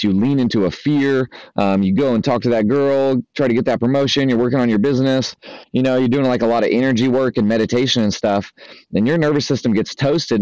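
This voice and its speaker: A man's voice: medium pitch, mellow, no room sound. A man, a spiritual coach, talking loosely and casually to his listeners, with many fillers and the odd swear word. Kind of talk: casual spoken monologue. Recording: dry, slightly dull lo-fi audio.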